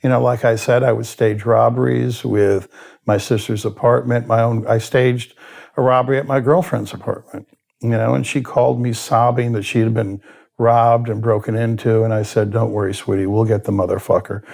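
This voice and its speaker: A man's voice: medium pitch, level tone, moderate pace, creaky, darkish tone. A man, a guest in an interview who tells his story candidly, bluntly and with a lot of swearing, and sometimes laughs at himself. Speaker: addiction expert guest.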